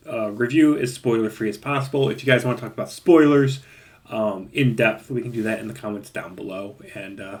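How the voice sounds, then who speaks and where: A man giving a casual, rambling spoken movie review with a chatty, laughing manner. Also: medium pitch. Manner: rambling, chatty, laughs at his own points.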